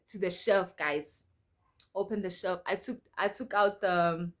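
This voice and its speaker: A young South African woman telling a personal story to her viewers in an animated, emphatic way, repeating lines for effect. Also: mid-range voice, normal speed. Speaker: storytime vlogger. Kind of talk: casual storytelling to camera.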